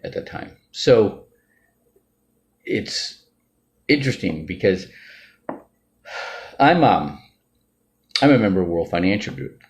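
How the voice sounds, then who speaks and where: A man's voice: low-pitched, big pitch swings, slow pace, pauses often. A man talking off the cuff in a rambling monologue, often ending sentences with "right?" or "all right?". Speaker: financial group member sharing views. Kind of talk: casual unscripted monologue.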